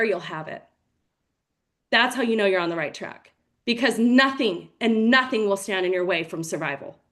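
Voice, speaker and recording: Bright, energetic woman leading a team call. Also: on the high side. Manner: energetic, storytelling, animated with acted quotes. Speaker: team leader.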